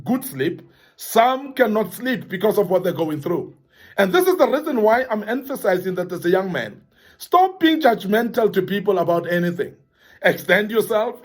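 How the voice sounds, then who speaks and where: A man with a high-pitched voice delivers a motivational talk to young men. He speaks earnestly and emphatically, and he circles back over the same phrases to drive his point home.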